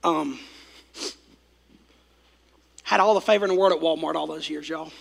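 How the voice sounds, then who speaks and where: A man preaching a sermon, his voice worn from preaching, swinging between loud calls and hushed passages. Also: a little high, moderate pace, vocal fry. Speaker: pastor.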